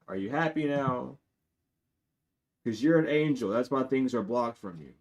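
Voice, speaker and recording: A man giving a live-streamed tarot reading to his viewers. He is blunt and profane, and he swings between loud outbursts and low muttering asides. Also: animated, a little slow, muffled recording. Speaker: tarot reader.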